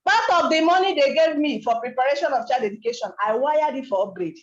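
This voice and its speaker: A young woman speaks in a high voice, telling her story with emphatic, animated energy and many rhetorical questions. The sound is roomy and a little dull, like a talk given in a hall. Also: fast. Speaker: network marketing speaker. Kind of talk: motivational testimony talk.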